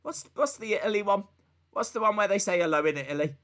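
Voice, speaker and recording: A man with a bright, forceful voice chats loosely on a live stream, full of fillers and restarts. He jokes with his viewers and talks back to his voice assistant. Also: sits high, fast talker. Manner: rambling and chatty, with many fillers and restarts. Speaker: live-stream host reacting to wrestling and reading chat. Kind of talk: casual live-stream chat.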